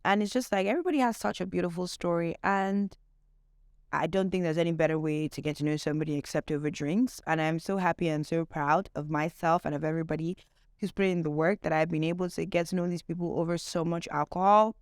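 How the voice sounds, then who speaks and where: A woman's voice: on the low side, steady tone, quick pace, dry recording, studio quality. A woman hosting her own show, talking candidly and playfully to her viewers in a casual monologue. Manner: candid, chatty, playful asides. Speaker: host.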